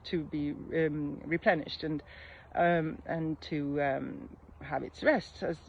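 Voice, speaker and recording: A middle-aged woman talks through a coaching lesson in a reflective, unhurried way, often pausing on soft fillers. The recording sounds a little muffled. A faint noise sits underneath. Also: deep voice, steady tone, creaky. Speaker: mindset coach. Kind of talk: casual coaching talk.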